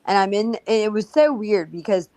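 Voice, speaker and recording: A woman's voice: medium pitch, expressive, moderate pace, darkish tone, no room sound, poor audio. A woman telling her story bluntly and profanely in a casual livestream talk. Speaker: guest.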